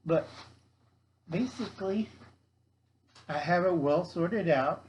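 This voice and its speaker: Older male vlogger, slow and folksy, casual show-and-tell, faint background hiss. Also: fairly high pitch, rough recording. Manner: folksy, talks to viewers as kids.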